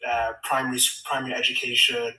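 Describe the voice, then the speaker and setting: A man from Nigeria, a guest on a live stream, talking in an enthusiastic, quick way. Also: medium pitch, monotone, bright, forceful tone. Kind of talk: casual live-stream chat. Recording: roomy echo.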